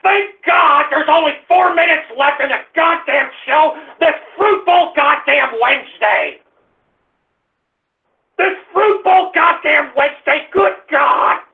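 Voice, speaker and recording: A man hosting a radio show, ranting at callers in an exasperated, shouting manner with lots of swearing. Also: extremely high pitch, slow pace. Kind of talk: ranting call-in radio talk. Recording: lo-fi phone-like audio.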